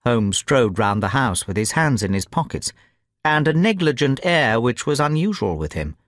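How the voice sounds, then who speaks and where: Male storyteller, clear learner-friendly reading, varied intonation. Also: medium pitch, big pitch swings, normal speed, fairly bright tone, no room sound, clean studio sound. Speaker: audiobook narrator. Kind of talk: scripted story narration.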